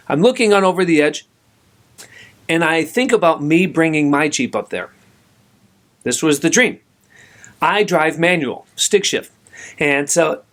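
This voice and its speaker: A middle-aged man hosting a podcast, telling a personal story in an animated, conversational way and speaking straight to the listener. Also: fairly high pitch. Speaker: podcast host. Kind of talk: storytelling monologue.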